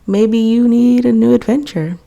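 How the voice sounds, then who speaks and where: A woman's voice: on the high side, moderate pace, gravelly, dark tone, dull audio. A woman voicing an earnest, scrappy young male mutt in a storybook reading. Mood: plucky. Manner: earnest, plucky.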